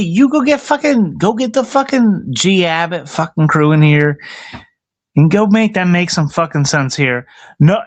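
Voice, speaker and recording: A man's voice: high-pitched, fairly bright tone. A man livestreaming outdoors in the cold, ranting angrily and profanely at his chat and at himself.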